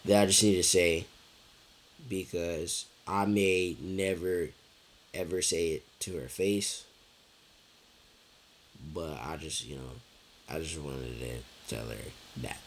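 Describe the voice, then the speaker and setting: Slow, low-voiced young man rambling. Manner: rambling, repeats himself, heavy fillers and swearing. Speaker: vlogger. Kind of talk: casual storytelling chat.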